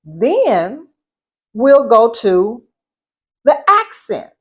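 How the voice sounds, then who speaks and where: A middle-aged Southern woman from Southeast Louisiana teaches etiquette and speech deliberately, repeating points and posing questions to the listener. Her voice is a little high, husky and sing-song in this instructional talk.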